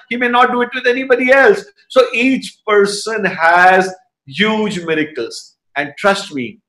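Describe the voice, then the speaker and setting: Man, devotional talk, animated storyteller, fairly high voice, roomy echo. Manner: animated storyteller, acts out dialogue. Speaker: satsang speaker.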